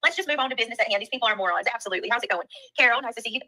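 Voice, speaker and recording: Hosting a livestream, a Southern woman rattles off greetings to viewers in quick, casual chatter while reading their comments. Her voice is bright, sharp and a little high, with lively intonation, and the audio is poor.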